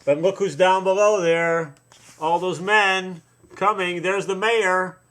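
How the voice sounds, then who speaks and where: A man reading a picture book aloud to his children, playful and drawn-out, stopping often to point things out and comment. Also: sits high, steady tone, a bit bright.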